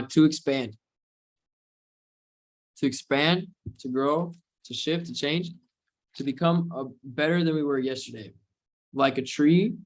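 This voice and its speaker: Casual man hosting a webinar. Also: medium pitch. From United States. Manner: casual, rambling, spiritual motivational talk. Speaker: webinar host and trading coach. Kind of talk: live webinar Q&A.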